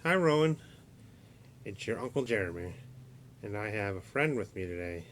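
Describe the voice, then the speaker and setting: A man's voice: lowish voice, a little fast, fairly bright tone, slight background noise. A man doing a playful puppet skit for his young nephews, acting as the patient, mock-stern straight man to his puppet.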